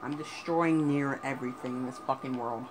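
A man's voice: mid-range voice, fairly even intonation, normal speed. Swearing guy ranting over noisy game. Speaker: gamer. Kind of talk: let's play commentary. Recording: noisy game audio with sirens. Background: police sirens and game sounds.

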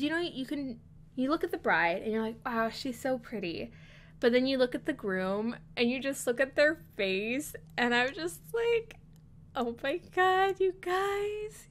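A young woman with a slightly high voice narrates a casual voice-over. She rambles chattily and keeps breaking into little laughs as she tells her story. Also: a bit bright. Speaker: video creator.

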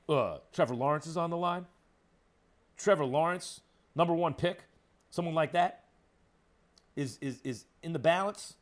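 Man, sports radio host, rant, sarcastic, emphatic, lively swoops, highish voice. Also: normal speed, long pauses.

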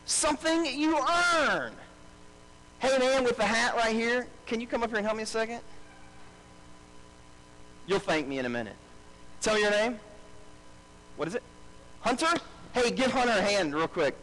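A man's voice: extremely high pitch, animated, moderate pace, pauses often, fairly bright tone, slight background noise, poor audio. A male pastor preaching a live sermon to a congregation, repeating key phrases for emphasis and calling on the crowd to answer back. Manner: calls out to the congregation and asks for responses. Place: church service before a congregation.

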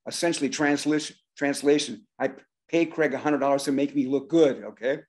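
An older man, a drummer, telling an animated story on a talk show and acting out the voices of the people in it. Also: mid-range voice, fairly quick. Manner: animated, acts out voices and shouts in his stories. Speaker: guest drummer.

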